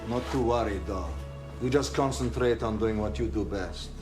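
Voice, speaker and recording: An actor playing a smooth-talking male police officer in a 1990s sci-fi TV series, with an American accent and a low, flirtatious delivery. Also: normal speed, lightly acted. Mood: flirting. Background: music score.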